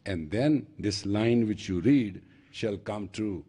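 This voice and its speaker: A man's voice: fairly low pitch, unhurried, hardly any pauses, warm tone, husky. An older man with an Indian accent, a spiritual teacher giving an emphatic storytelling sermon. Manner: storytelling with acted dialogue, emphatic. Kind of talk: lecture sermon.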